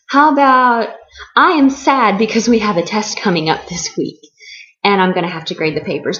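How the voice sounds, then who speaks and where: Young female ESL teacher, deliberate classroom delivery, slightly dull lo-fi audio. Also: mid-range voice. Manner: slow and deliberate, stretching key words for learners. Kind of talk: slow, clear classroom explanation. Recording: slightly muffled lo-fi recording.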